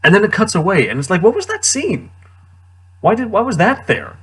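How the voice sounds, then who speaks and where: A man's voice: high voice, huge pitch swings, fairly quick, a bit bright, breathy edge. A man giving casual, sarcastic commentary on a movie he just watched, incredulous and laughing often. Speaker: movie reviewer.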